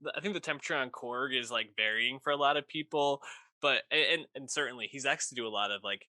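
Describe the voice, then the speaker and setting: A man's voice: mid-range voice, quick pace, pushed and bright, no echo. A man co-hosting a pop culture podcast, chatting enthusiastically with slang and swearing. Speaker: podcast co-host. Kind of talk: casual chat.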